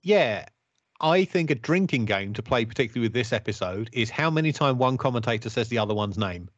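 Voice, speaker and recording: A man co-hosting a casual review podcast, picking things apart in a wry, measured tone. His voice sits at an ordinary middle pitch. The recording is close and dry, with a slightly muffled top end. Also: expressive, no echo. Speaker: podcast co-host. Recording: dull, dry podcast audio.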